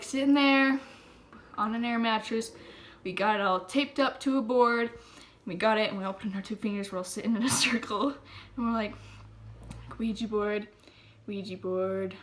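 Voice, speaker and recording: A teenage girl in a casual vlog, retelling a spooky night with constant fillers. Her voice sits at an ordinary pitch for a young woman. She slides between excited chatter and hushed, breathy whispers. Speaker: vlogger. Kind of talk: casual storytelling.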